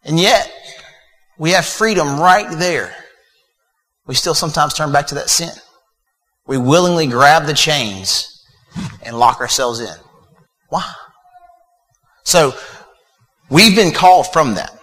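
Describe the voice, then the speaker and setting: Bright-voiced preacher in a reverberant hall. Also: male voice, on the high side, expressive, takes it slowly, pauses often. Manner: conversational preaching with fillers and repeated words. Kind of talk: sermon.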